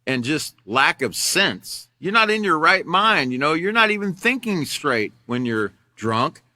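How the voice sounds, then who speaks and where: A middle-aged man lectures a class in a candid, conversational way, full of fillers. His voice is bright and a little high, and the sound is dry and close. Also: very animated, unhurried, no room sound. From Alaska. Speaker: character education instructor. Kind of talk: classroom lecture with personal story.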